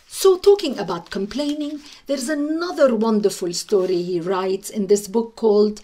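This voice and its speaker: A woman hosting a radio show, telling traditional stories in an unhurried, expressive way. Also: on the high side. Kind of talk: storytelling radio talk.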